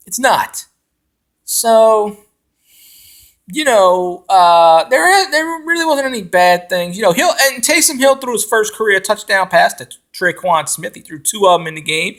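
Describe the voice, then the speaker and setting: A man ranting as a football fan, loud and profane, with lots of fillers and restarts. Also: high-pitched, animated, a little slow. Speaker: fan commentator.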